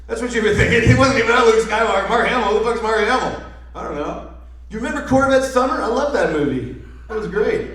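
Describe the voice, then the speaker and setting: A man's voice: very high-pitched, quick pace, fairly bright tone. A man doing a sarcastic, profane stand-up rant at a live comedy show. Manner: ranting, sarcastic, heavy swearing. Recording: echoey live room, voice from far off the mic.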